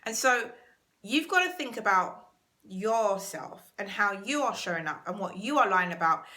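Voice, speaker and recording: A woman's voice: medium pitch, lively intonation, moderate pace, sharp tone. A British woman hosting a self-help channel, giving an earnest motivational talk to camera and stressing key words by repeating them.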